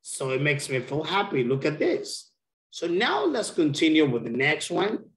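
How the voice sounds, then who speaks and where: A man's voice: on the high side, very animated, normal speed. A man teaching an English lesson over a video call, speaking patiently and repeating key words. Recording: roomy echo.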